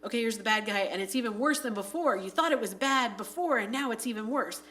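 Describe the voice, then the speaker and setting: A woman on a podcast chatting casually about a film, full of "like" fillers and acting out scenes in quick voices. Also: a little high, lively intonation, pushed and bright, a little hiss or hum. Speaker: podcast panelist. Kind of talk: casual movie review chat.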